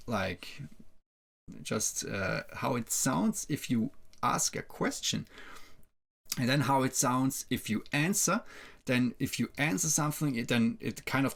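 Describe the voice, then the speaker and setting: Man halting through a production tutorial. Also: mid-range voice, fairly bright tone. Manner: halting, filler-heavy explaining. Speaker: music producer teaching. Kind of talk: screen-share production tutorial.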